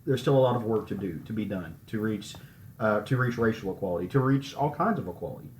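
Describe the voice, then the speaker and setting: A man's voice: on the low side, expressive, fast talker, darkish tone, slight background noise. Upbeat podcast host guy talking live at a con, voice bouncing around a roomy space. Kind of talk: casual podcast chat. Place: convention floor, recorded live. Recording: roomy echo.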